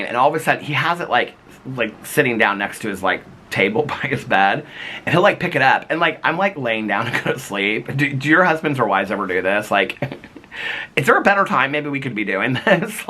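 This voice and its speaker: This is a casual indoor vlog shot on a handheld phone at his home, where a man chats in a rambling way, full of filler words and frequent laughs. He sounds animated and brisk, with a medium-pitched, sharp-toned voice.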